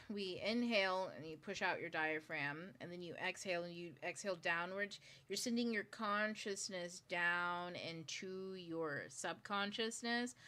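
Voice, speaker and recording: A woman's voice: medium pitch, pushed and bright. A woman hosting a book club, explaining spiritual ideas in a loose, chatty way, full of fillers and the odd swear word. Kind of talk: casual spiritual teaching talk.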